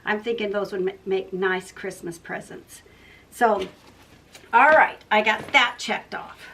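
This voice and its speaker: A woman's voice: medium pitch, unhurried, gravelly, fairly bright tone, slight background noise. An older woman, hosting a casual sewing vlog and rambling from one thought to the next. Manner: rambling, chatty, loses her train of thought. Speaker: sewing channel host. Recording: voice a bit far from the mic.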